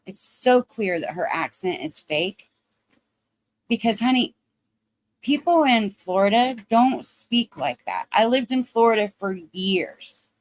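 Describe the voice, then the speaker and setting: A woman's voice: medium pitch, animated, slow pace. A woman with a Southern Ohio accent ranting bluntly and profanely as she comments on a livestream. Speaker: drama commentary streamer.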